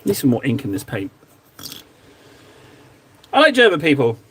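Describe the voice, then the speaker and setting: A man's voice: mid-range voice, wildly swooping pitch, normal speed, fairly bright tone, husky. An Englishman hosting a casual livestream while painting miniatures at home. He rambles, jokes about himself, and chats with his viewers into a close streaming microphone. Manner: rambling, self-deprecating, joking.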